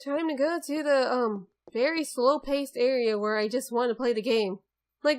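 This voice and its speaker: Brief: young woman, slightly high voice, joking gamer commentary over faint game music. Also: animated, moderate pace. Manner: chatty and wisecracking about the game. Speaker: let's play gamer. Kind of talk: casual gameplay commentary.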